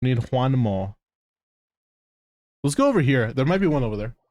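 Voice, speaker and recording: Male game streamer, mid pitch, profane and teasing, dry close sound. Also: big pitch swings, moderate pace, darkish tone, no echo. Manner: profane, teasing, laughs often. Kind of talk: casual live gameplay commentary.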